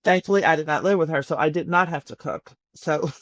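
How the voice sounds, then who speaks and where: A woman in her sixties from Tennessee, a chef guest calling in from home, telling stories in a lively, chatty way and laughing often. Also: low voice, a little fast, no echo. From Nashville, Tennessee. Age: 60s. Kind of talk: casual interview chat. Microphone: remote call.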